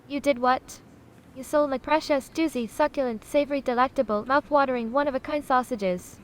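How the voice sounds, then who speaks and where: A woman's voice: high voice, brisk, close to an everyday voice. A text-to-speech woman's voice playing a sassy, self-important AI chatbot that calls itself a sausage, haughty and condescending, calling people honey. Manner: haughty, dramatic, condescending, says honey a lot.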